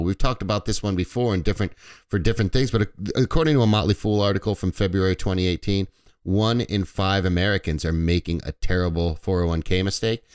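A man hosting a financial radio show, slightly stuffy, explaining retirement investing in a relaxed way with fillers and small self-corrections. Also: on the low side, clean tone. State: a little stuffy. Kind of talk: conversational radio talk.

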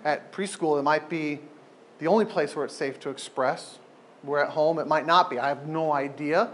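A man leading an informal group talk, animated and emphatic, often repeating phrases for effect. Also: fairly high pitch, moderate pace, slight background noise.

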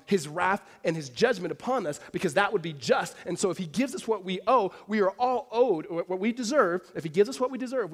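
A man preaching a sermon to a congregation, telling stories with swings between hushed and emphatic delivery. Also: high voice. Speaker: pastor. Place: church hall before a congregation.

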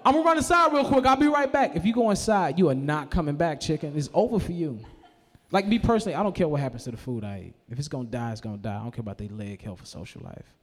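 A man doing a stand-up comedy set, profane and animated, now and then shouting in character voices. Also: fairly high pitch, quick pace, in a large hall. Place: live comedy venue.

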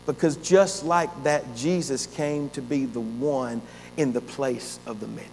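A male pastor preaching a sermon with dramatic pauses and surging emphasis. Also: medium pitch, fairly even intonation, a little mellow. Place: church sanctuary. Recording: faint hum, long hall reverb.

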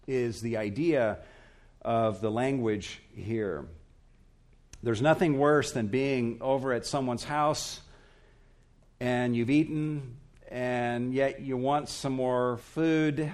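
Guy preaching a sermon, earnest and emphatic, mid-pitched voice, breaks things into short phrases. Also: takes it slowly, darkish tone. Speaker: pastor. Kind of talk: expository sermon.

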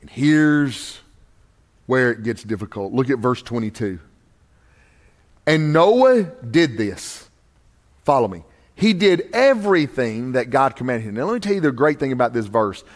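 A man preaching a sermon as pastor, moving between quiet, intimate asides and loud, raised preaching, with a joking, conversational way of telling stories. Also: medium pitch, big pitch swings, unhurried.

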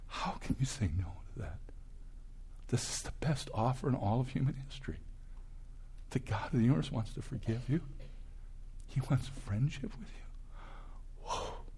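An older man in his sixties, a campus ministry speaker giving a preaching talk that swings from loud, emphatic bursts to hushed asides. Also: on the low side, slightly rough.

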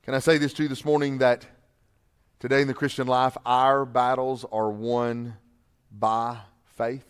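A male pastor preaching a sermon, swinging from quiet, low asides to loud, repeated shouted refrains. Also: level tone, measured pace, smooth.

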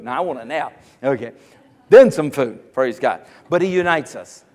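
A male pastor from South Carolina, preaching an animated sermon, joking with the congregation and rising to shouts. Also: medium pitch, moderate pace. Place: church sanctuary. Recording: long church hall reverb.

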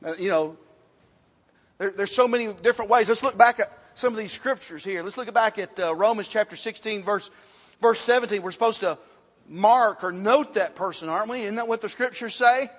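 A man's voice: high voice, normal speed, a bit bright. A man teaching a church Bible class, quizzing the class and repeating his points as he writes on a board. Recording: long reverb in a hall.

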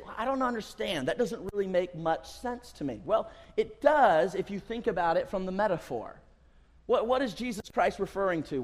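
A man preaching a sermon in a church, emphatic and repetitive, stressing his points again and again. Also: sits high. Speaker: pastor. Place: church sanctuary. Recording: long church reverb.

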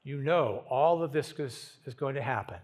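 A man preaching a sermon, moving from hushed lines to emphatic ones and repeating words as he thinks aloud. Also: medium pitch, normal speed. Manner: dramatic swings from hushed to emphatic. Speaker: pastor.

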